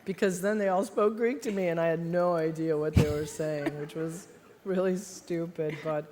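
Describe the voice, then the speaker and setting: A woman's voice: lowish voice, steady tone, normal speed, warm tone, soft background music. American woman, author guest, chatty and self-mocking, lots of laughter, long hall reverb. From United States. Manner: rambling, laughs often, self-deprecating. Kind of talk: live onstage conversation. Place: stage in a large hall before an audience.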